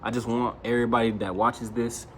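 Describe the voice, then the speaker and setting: A man's voice: medium pitch, level tone, brisk, fairly bright tone, a little hiss or hum. A young man talking straight to camera in a loose, slangy monologue, raising his voice when he quotes his friends. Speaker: vlogger.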